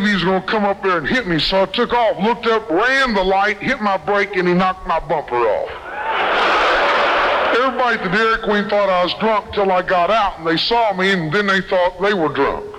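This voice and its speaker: A man's voice: high-pitched, heavy background noise. A man sharing a personal testimony with a live audience in a folksy, earnest storytelling way. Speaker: speaker sharing his testimony.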